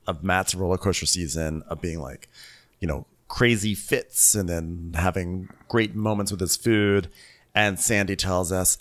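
Wry, lower-voiced man riffing on a show. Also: a bit bright. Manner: wry, exasperated riffing with laughs. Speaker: podcast co-host. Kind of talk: casual recap chat.

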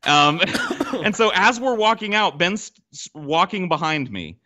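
A man telling a story on a podcast, animated and profane, acting out what people said. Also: high voice, a little slow. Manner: animated, profane, acts out quotes. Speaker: podcast guest. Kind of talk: casual storytelling.

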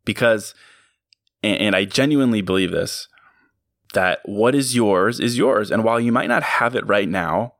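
A podcast host with a low, fairly bright voice delivers a motivational monologue straight into a close mic at a moderate pace. He comes across as earnest and reflective, now and then chuckling at himself. The sound is dry and close, with no room around it and no echo.

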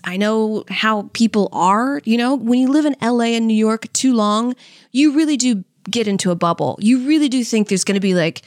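A young woman from Louisiana with a fairly high voice. She chats candidly and swears freely, laughing between stories and jokes. Her voice sounds close and dry, with no room around it. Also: no room sound. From Louisiana, US South. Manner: chatty, profane, laughs often, quick asides. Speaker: comedian and podcast co-host. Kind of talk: candid casual storytelling with stand-up jokes.

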